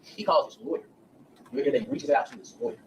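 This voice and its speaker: Animated fast-talking male trial lawyer. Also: medium pitch, far from the mic, muffled recording, slight background noise. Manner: addresses jurors directly, acts out witness quotes. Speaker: defense attorney. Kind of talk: courtroom opening statement to a jury. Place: courtroom.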